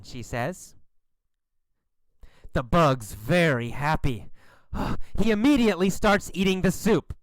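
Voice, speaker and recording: A man narrating a short story for English learners, slow, clear and expressive. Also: fairly high pitch, no echo.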